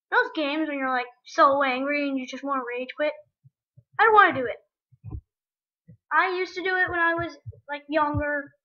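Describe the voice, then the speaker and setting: Woman gamer, very high and bright voice, unhurried, excitable asides to viewers, muffled webcam-mic sound. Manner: excitable, talks to the game and viewers. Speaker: let's play gamer. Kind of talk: gaming commentary to viewers. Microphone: webcam or computer mic.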